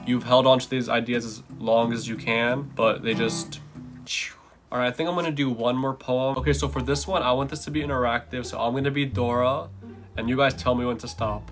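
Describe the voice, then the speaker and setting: A man's voice: medium pitch, fairly even intonation, a little fast, a bit bright, soft background music. A young man vlogging in a casual, chatty way, reading aloud and commenting with playful asides.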